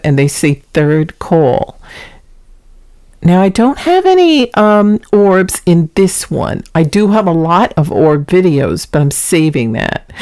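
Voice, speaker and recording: A middle-aged woman speaks in a casual, chatty way as she hosts her own paranormal vlog. Her voice sits a little low, and she talks to viewers like she is sharing clips with friends. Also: a little mellow, clear, resonant tone. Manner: chatty, introduces recordings.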